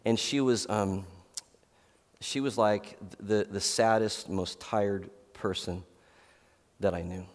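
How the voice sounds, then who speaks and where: Middle-aged pastor with a casual, rambling sermon. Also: male voice, lowish voice, steady tone, slow pace, pauses often, long reverb tail. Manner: casual, rambling storytelling with many fillers.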